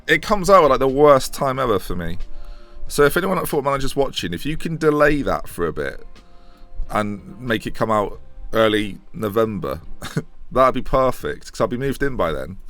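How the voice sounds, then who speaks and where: A young man with a hoarse voice from a chest infection, rambling and correcting himself as he streams a football management game and answers chat questions. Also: mid-range voice, big pitch swings, moderate pace, a bit bright, soft background music. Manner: chatty, rambling, restarts and self-corrections. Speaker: gaming streamer. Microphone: desk microphone.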